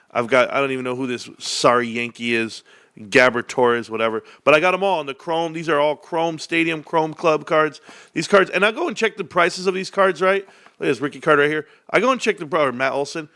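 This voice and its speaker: A middle-aged man hosting a livestream, ranting in a boastful, animated way with frequent laughs. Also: fairly high pitch. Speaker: stock livestream host. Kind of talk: excited stream rant.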